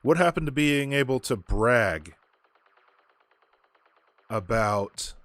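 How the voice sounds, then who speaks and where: A man's voice: medium pitch, animated, slow, a bit bright, no room sound, faint music behind. A man from the United States streaming a game and ranting about politics with sarcasm and frequent swearing. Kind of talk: casual chat while gaming.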